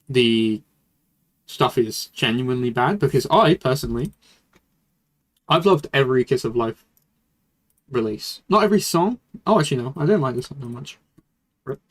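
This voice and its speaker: Reviewing music on a stream, a young man talks unhurriedly in an animated, mid-range voice broken by long pauses. His loose, rambling commentary includes fillers and the occasional swear, over faint background music.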